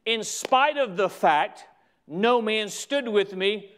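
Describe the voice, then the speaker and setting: A man preaching a sermon, slowing down and drawing out key words for emphasis. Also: high-pitched, lively intonation, a bit bright, clean tone.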